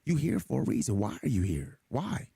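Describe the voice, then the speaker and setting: A man's voice: medium pitch, wildly swooping pitch, a little fast, creaky, dark tone, breathy edge, dry recording. A man streaming a game who talks casually to his chat in an earnest, preachy way, often repeating himself. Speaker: gaming streamer. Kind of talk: casual livestream talk to chat.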